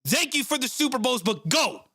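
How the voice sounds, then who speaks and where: A man's voice: very high-pitched, sing-song, fairly quick, sharp tone, slightly rough, no room sound, studio quality. A man ranting heatedly and swearing while hosting a live reaction stream of a football game. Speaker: sports live-stream host. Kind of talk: angry live play-by-play reaction.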